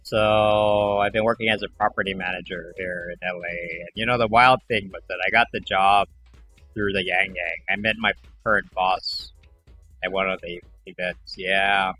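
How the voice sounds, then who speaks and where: Bright-voiced man rambling casually on stream. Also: sits low, moderate pace, faint music behind. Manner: rambling, acts out callers in animated voices. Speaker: livestream host. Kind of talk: casual livestream chat.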